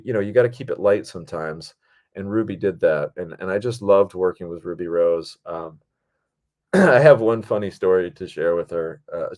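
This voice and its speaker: A man hosting his own show, telling behind-the-scenes stories in a rambling, animated way and acting out what people said. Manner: rambling and animated, acts out quotes in higher voices. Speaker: podcast host and film director. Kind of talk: casual storytelling monologue.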